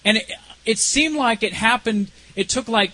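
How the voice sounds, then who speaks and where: A man telling an emotional personal testimony in an earnest, halting way, his voice dropping low and soft at the most intense moments. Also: rough recording. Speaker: speaker sharing a personal testimony.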